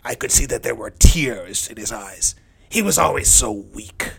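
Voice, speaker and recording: A man's voice: lively intonation, unhurried, vocal fry, breathy edge, full character voice. A man performing a dramatic first-person monologue as a hardened, bitter thief dying on a cross, brooding and cynical. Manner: brooding, cynical, low-key.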